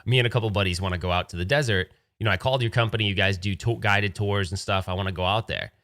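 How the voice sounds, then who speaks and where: An eager comedian phoning to book a desert outing, played by a man in a casual, matter-of-fact tone. The voice is fairly low and close to an everyday speaking voice, with a dry sound and no room echo. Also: steady tone, fast talker, fairly bright tone, lightly acted. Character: eager male comedian booking a tour.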